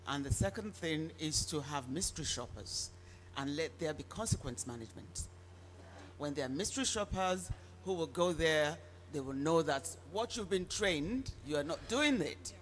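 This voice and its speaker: A man answers from the audience in a fairly high voice. He speaks firmly and directly, laying out his points. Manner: firm, direct. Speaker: audience member. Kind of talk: spontaneous remarks. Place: event hall.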